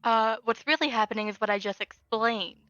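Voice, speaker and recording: A woman's voice: on the high side, a little fast, bright, forceful tone, no room sound, highs cut off, faint music behind. A woman chatting as a player in a casual tabletop role-play, giggly and chatty.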